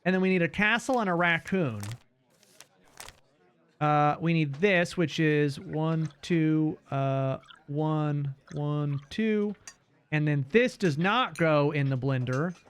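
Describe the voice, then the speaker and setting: A man's voice: fairly high pitch, slow, smooth. A young man streaming a game, chatting animatedly, swearing and laughing as he plays. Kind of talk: casual gameplay commentary.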